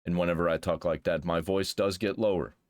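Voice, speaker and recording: A man's voice: sits low, steady tone, a little fast. A man hosting a reaction commentary, talking bluntly and crudely in a rambling, casual way with frequent restarts. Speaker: commentary host.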